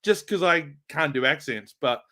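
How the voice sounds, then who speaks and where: Bright jokey New Zealand man. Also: fairly high pitch, expressive, moderate pace. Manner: jokey, rambling, laughs often. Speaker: guest. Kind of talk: casual chat.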